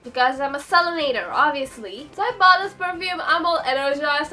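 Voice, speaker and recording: A young woman telling a story in a chatty, excitable vlog, breaking into sudden high squeals. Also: moderate pace, soft background music. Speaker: vlogger.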